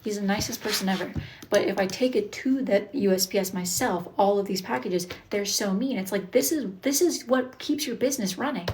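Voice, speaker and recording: A woman's voice: mid-range voice, moderate pace, a little mellow. A young woman streaming live, chatting casually and venting, swearing freely and answering viewer comments.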